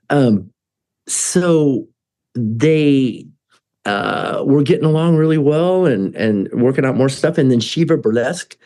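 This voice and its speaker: A man's voice: on the low side, warm tone. A man guest telling a long, chatty story with lots of fillers, restarts and laughs. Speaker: musician guest. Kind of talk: casual rambling storytelling.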